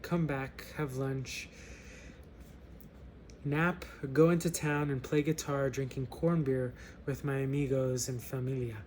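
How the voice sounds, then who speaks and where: A man's voice: medium pitch, flat delivery, measured pace, a little mellow, a little hiss or hum, lightly acted. A man voicing an easygoing village fisherman while reading a story aloud. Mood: content.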